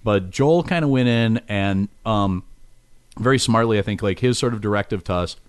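A man's voice: lowish voice, moderate pace, smooth, no echo. A man, a comedy writer guesting on a podcast, telling a rambling story with lots of fillers and restarts. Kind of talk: casual anecdote on a podcast.

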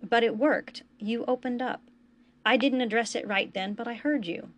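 A woman reading a story aloud, voicing a steady young man who comforts a friend in a gentle, earnest way. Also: a little high, normal speed, lightly acted. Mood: easygoing. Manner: gentle, reassuring, warmly earnest.

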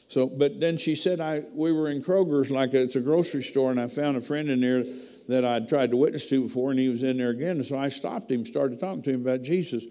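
A man's voice: mid-range voice, fairly even intonation, a little fast, vocal fry, dark tone. A man preaching a personal testimony in a folksy, emotional storytelling way, speaking in a church hall. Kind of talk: testimony sermon.

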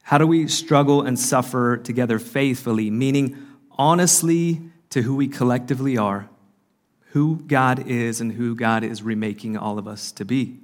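A man gives an earnest talk at a church conference in a mid-range voice. He often pauses on fillers and restarts his phrases as he speaks. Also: medium pitch. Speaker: conference speaker and podcast host. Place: conference hall.

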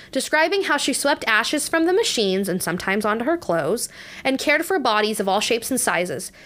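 A young woman with a mid-range, fairly bright voice hosts a laid-back book review podcast. She's talkative and congested, often laughing, with many fillers and restarts.

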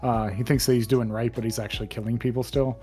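A man's voice: medium pitch, fairly even intonation, quick pace, music in the background. A man casually chatting on a podcast, rambling with lots of fillers and restarts. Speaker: podcast co-host. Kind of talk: casual chat.

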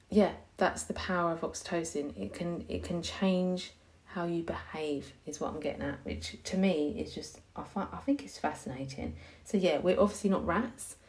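A young woman who teaches hypnobirthing hosts a podcast, chatting casually and frankly and laughing a lot. Her voice is lowish and slightly mellow.

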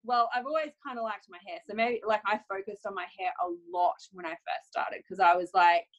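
A young adult woman photographer talking casually, lively and often acting out quoted self-talk with laughs. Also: mid-range voice, fairly quick, muffled recording. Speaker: photographer guest. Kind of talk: casual conversational chat.

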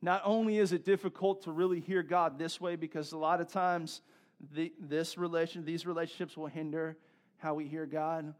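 A man's voice: fairly high pitch, flat delivery, normal speed. A male pastor preaching a sermon in a conversational way, repeating himself and building to emphatic peaks.

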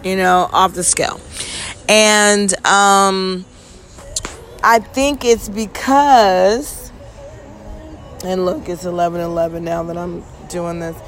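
Blunt, profane woman with a lowish voice. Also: slow pace, pauses often, fairly bright tone. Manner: frequent yawning. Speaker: podcast host. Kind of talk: casual monologue.

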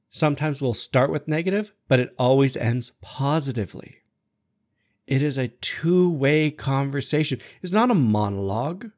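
A man hosting a podcast, giving a blunt, profane, animated monologue about workplace feedback and managers. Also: mid-range voice. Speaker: podcast host.

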